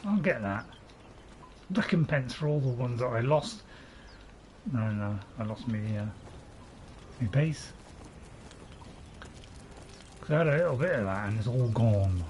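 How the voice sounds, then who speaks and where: A man's voice: medium pitch, expressive, unhurried, long pauses, darkish tone, slight background noise. A man giving casual, rambling commentary while playing a game, chuckling to himself now and then. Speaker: gaming video host.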